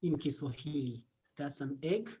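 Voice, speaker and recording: A man teaching a casual online Swahili lesson, repeating words slowly and laughing often. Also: a little high, warm tone.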